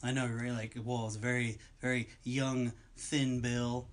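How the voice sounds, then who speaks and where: A man's voice: mid-range voice, flat delivery, measured pace. A man co-hosting a podcast in casual chat, rambling and going off on long tangents. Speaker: podcast co-host.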